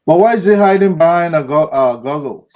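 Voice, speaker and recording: A man, co-hosting a live talk show and cutting in with halting restarts. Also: fairly high pitch, expressive, a little mellow, muffled recording.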